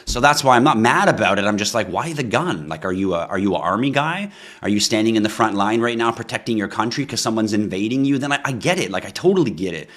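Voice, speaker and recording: Man, low voice, blunt ranting livestream host reading chat. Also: lively intonation, quick pace, a bit bright. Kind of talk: live crypto stream chat.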